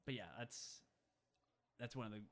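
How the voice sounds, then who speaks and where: A man in casual chat, retelling TV scenes quickly with lots of fillers and restarts. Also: mid-range voice. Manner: fast, animated retelling with filler words and restarts. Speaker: podcast co-host discussing a TV show.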